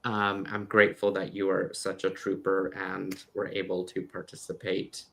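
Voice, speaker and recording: Low gravelly voiced man, easygoing chat. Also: normal speed. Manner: relaxed, laughs often, trailing fillers. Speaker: co-host. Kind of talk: casual chat.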